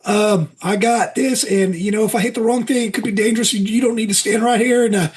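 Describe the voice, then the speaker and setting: High-voiced playful male player. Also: steady tone, quick pace. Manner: laughing, playful. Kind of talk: casual tabletop play.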